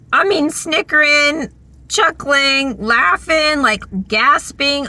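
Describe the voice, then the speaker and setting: A woman telling a story to her camera, chatty and animated. Her voice is fairly high and bright. She talks slowly and drawls through her fillers. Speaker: vlogger. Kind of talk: casual storytelling.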